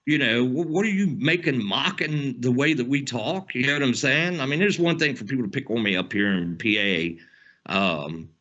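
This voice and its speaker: A man's voice: mid-range voice, normal speed, bright, forceful tone, highs cut off. A man with a Southern American twang hosting his own channel, delivering a heated, profane, rambling political rant and leaning on "man" as a filler. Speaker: channel host.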